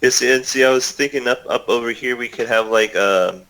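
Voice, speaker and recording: A man voicing a big, bearded, gruff male sailor who rambles and chuckles while scheming. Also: medium pitch, normal speed, a bit bright, voice pushed up, natural voice, rough recording.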